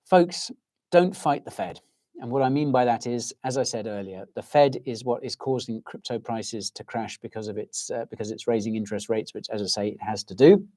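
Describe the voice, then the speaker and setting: A man's voice: medium pitch, moderate pace, warm tone. A middle-aged English man hosting a livestream in casual chat, with a soothing, soporific voice, rambling and ranting as he reacts to viewers' comments. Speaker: livestream host.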